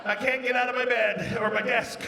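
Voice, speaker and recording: Canadian comedian in an echoey hall. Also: male voice, very high voice, flat delivery, a little fast, creaky, noisy background. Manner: bursts into loud sung and acted bits. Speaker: stand-up comedian. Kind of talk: stand-up comedy set. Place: large casino showroom with a live audience. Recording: echoey live hall, crowd. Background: audience laughter.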